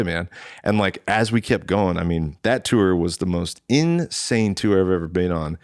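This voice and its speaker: A man in his thirties with a low voice tells road stories in a relaxed interview. He jumps into other people's voices when he quotes them. The sound is dry and close. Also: dry recording. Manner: animated, quotes himself and others in lively voices. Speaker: drummer, interview guest. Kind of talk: casual storytelling chat.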